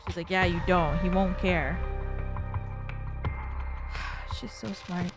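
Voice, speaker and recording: A woman's voice: on the low side, fairly even intonation, slow, music in the background. A woman streamer chatting casually with viewers, giggly and rambling with lots of fillers.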